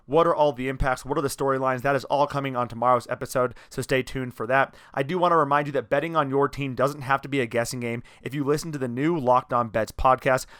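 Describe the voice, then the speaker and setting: Fast-talking young male sports podcast host. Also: mid-range voice. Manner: energetic, self-mocking, joking banter. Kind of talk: casual sports podcast chat.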